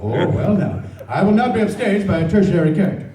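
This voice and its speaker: Brief: man mimicking a teasing, showboating comedian, singsong and loud, far off in an echoing crowd. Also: sits high, big pitch swings, a little fast, pitched above the performer's own voice. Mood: mocking. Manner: teasing, mock-pompous singsong. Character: mocking, showboating comedian impression, male. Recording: echoey hall from far off in a crowd.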